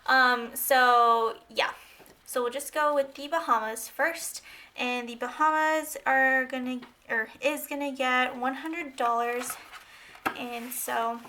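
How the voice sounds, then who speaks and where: A woman's voice: sits high, steady tone, takes it slowly, bright, forceful tone. A woman vlogger chatting casually and a bit scatter-brained while she counts cash into budget envelopes.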